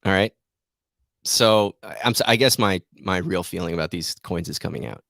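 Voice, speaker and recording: Low-voiced man ranting about markets. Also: moderate pace, gravelly, fairly bright tone, no echo, studio quality. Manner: rambling, self-deprecating, ranting. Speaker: trading show host. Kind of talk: off-the-cuff market commentary.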